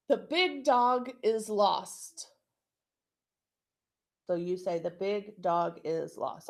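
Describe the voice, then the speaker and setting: Slow, gravelly-voiced woman teacher. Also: mid-range voice, darkish tone. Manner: slow, clear instructional delivery with frequent checks. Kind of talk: recorded online class lesson.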